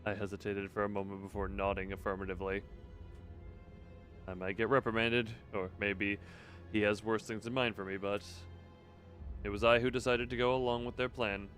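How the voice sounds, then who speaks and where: A man's voice: lowish voice, flat delivery, moderate pace, fairly bright tone. A man casually reading a game's dialogue aloud on a stream, joking playfully and often hamming up the lines. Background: game music.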